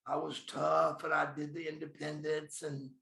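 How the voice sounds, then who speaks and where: The speaker, a fifty-something former pro wrestler, has a slightly high, gravelly voice that sounds pushed and bright, delivered completely flat at a moderate pace. He tells blunt, profane stories in a podcast interview, calling himself by name, in an echoey room.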